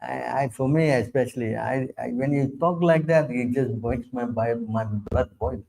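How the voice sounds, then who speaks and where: A man, a spiritual teacher giving an informal religious talk. He speaks emphatically, keeps asking whether listeners understand, and acts out other people in a lowered voice. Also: normal speed, vocal fry, few pauses, a little mellow, low-quality recording. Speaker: spiritual teacher answering questions.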